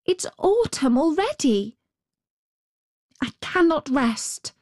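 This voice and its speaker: A woman voicing an eager, anxious little girl in a fairy tale reading, with high, breathless exclamations. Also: sing-song, slow pace, a little mellow, dry recording, clean studio sound, heavily acted.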